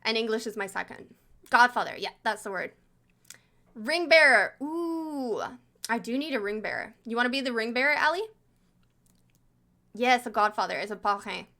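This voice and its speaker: Bright high-voiced Quebecer streamer. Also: female voice, lively intonation, moderate pace, long pauses. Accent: Quebec French. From Montreal, Quebec, Canada. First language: French. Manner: chatty, laughs often, reads chat messages aloud. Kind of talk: casual live-stream chat reacting to chat.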